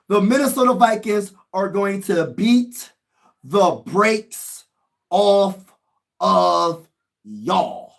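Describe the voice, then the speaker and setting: Livestream host, male, high-pitched voice, slangy and excitable; mutters low between loud outbursts. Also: takes it slowly, creaky. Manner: slangy, talks straight to chat. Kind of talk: casual live-stream reaction commentary.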